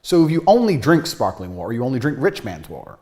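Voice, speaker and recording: Brief: man voicing loud boastful influencer, British accent with patois slips, swears constantly, very animated. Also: medium pitch, fast talker, close to an everyday voice. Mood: smug. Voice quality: swearing, ranting. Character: brash macho male influencer, angry, boastful.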